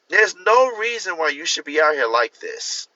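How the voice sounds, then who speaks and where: A livestream host with a slightly high, bright, forceful voice chats casually and animatedly, laughing and acting out the voices he quotes. The phone mic sits at a distance, giving dull, dry lo-fi audio.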